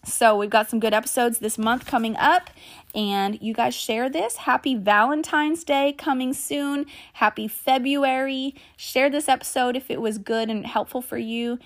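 A woman's voice: a little high, steady tone, moderate pace. A middle-aged woman hosting a solo podcast, talking in a chatty, earnest way and sharing stories about her family. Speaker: podcast host. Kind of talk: casual solo podcast talk.

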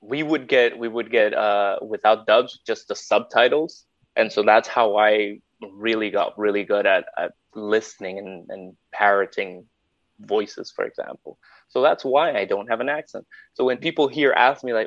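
Male teacher from Honduras, podcast co-host, animated chatter; dry, lo-fi audio. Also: fairly low pitch, moderate pace, dry recording. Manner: chatty, animated storyteller, says "like" a lot. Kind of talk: casual podcast chat.

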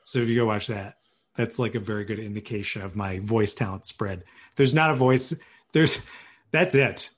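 A man's voice: on the low side, normal speed, breathy edge. A man chatting casually as a podcast guest, easygoing and self-deprecating, laughing often. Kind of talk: casual chat.

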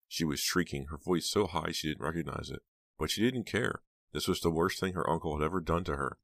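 A man narrating an audiobook in a steady, measured reading. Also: a bass voice, dry recording.

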